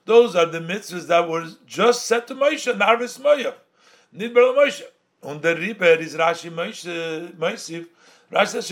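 A man's voice: sits high, a bit bright. A man with a somewhat raised voice teaches a Torah text. He reads a phrase, translates it, then restates the point in a sing-song study cadence, slipping Yiddish and Hebrew terms into his English. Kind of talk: Talmudic-style study lesson.

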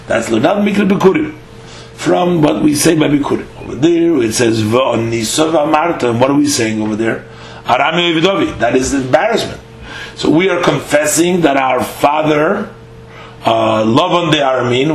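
A man teaches a Talmud lesson, reading each line aloud and then explaining it, pausing often on "uh." His voice sits at an ordinary middle pitch. The recording is roomy and echoey, with a faint hum underneath. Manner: reads Aramaic lines then explains, with halting fillers.

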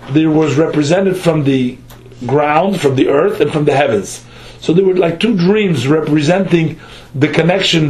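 A man with a slightly high, darkish voice teaches a text study class on poor audio. He reads phrases aloud with a pronunciation and translates them line by line, halting and restarting often.

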